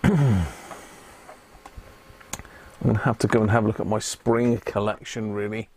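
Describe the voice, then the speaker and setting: A man's voice: lowish voice, steady tone, unhurried, a little mellow, slight background noise. A man streaming live from his workshop, chatting casually and thinking aloud while he repairs an old radio. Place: home workshop.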